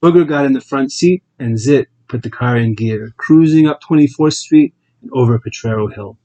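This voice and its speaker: A man's voice: mid-range voice, moderate pace, dark tone, dull audio. Man narrating an audiobook steadily. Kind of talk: scripted narration.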